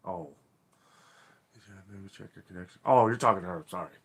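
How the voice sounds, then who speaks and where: A man with a deep, husky voice talks fast while hosting a casual live stream. He rambles along, reads out comments from viewers, apologizes, and laughs a lot.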